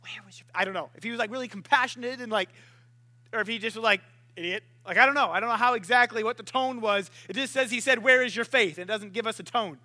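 A man's voice: very high-pitched, fast talker, pushed and bright. A man preaching a casual sermon, joking and acting out voices as he tells the story.

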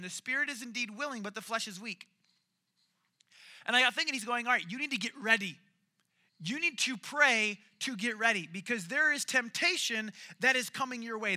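A man's voice: extremely high pitch, bright, forceful tone. A man preaching a casual sermon, telling stories and acting out the quoted lines. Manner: storytelling, acts out quoted lines.

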